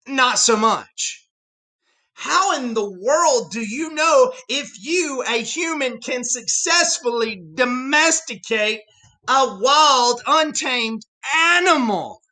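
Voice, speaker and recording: Animated storytelling history teacher. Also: mid-range voice. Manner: animated storytelling, talks straight to viewers. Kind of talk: recorded history lesson.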